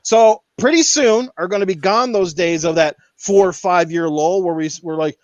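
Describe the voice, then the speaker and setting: A high-pitched man hosts a podcast and rants hard, swearing freely and pushing each point with heat. The sound is dull and lo-fi, and the voice is dry with no room echo. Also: normal speed, few pauses. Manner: profane, fired-up ranting. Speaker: podcast host. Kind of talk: casual podcast rant.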